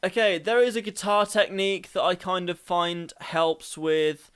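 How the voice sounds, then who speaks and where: A man hosting a casual singing tutorial, energetic and rambling, often laughing at himself. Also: sits high, unhurried, clear, resonant tone.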